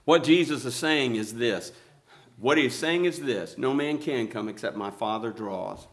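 A male pastor preaching a sermon, reading scripture slowly and building emphasis as he goes. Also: mid-range voice.

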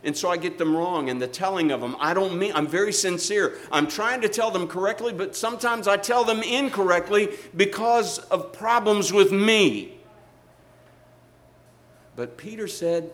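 A man's voice: sits high, normal speed, fairly bright tone. A middle-aged male pastor, preaching a sermon with emphatic rises and asides to the congregation.

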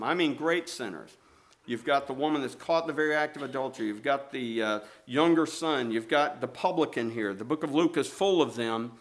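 A middle-aged or older male preacher giving a sermon. He tells stories with emphasis and repeats his phrases, moving between loud and hushed delivery. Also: a little high.

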